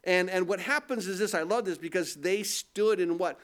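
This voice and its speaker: A man's voice: high voice, normal speed. A man preaching a sermon, asking the congregation questions and answering them, building in intensity as he goes. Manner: call-and-response questions, rising in intensity. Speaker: pastor.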